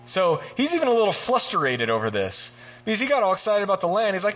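A man giving a casual, joking sermon, retelling scripture and acting out the characters in quick voices. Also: high voice, huge pitch swings, fairly bright tone. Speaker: preacher.

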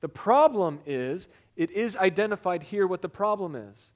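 High-voiced man telling a sermon story. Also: normal speed. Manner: animated storyteller, loud bursts when excited. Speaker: pastor.

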